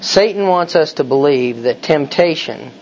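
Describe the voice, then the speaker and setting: A man's voice: a little high, animated, a little slow, a little mellow. A man preaching a sermon, emphatic and full of rhetorical questions. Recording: slightly dull recording with faint hiss.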